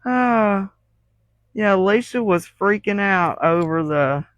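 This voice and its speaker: Lady crafter chatting on a livestream, slow easy drawl, laughs a lot, dry close sound. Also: mid-range voice, lively intonation, dry recording, muffled recording. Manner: laughs often while telling stories. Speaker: crafting channel host. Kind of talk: casual livestream storytelling.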